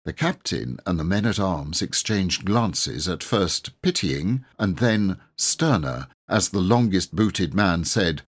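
Male audiobook narrator, deep husky voice, lively intonation. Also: a little slow, hardly any pauses. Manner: expressive, lively reading. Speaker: audiobook reader. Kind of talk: storybook narration.

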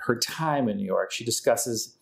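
A man's voice: mid-range voice, normal speed, vocal fry. A man co-hosting a podcast about a book, chatting casually with sarcastic asides. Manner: sarcastic, animated. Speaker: podcast co-host. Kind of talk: casual chat.

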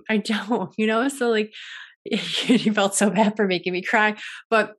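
Woman, young adult, wellness host, gentle, contemplative, frequent restarts, mid-range pitch. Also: steady tone, measured pace. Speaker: yoga and wellness podcast host. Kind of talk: reflective solo talk.

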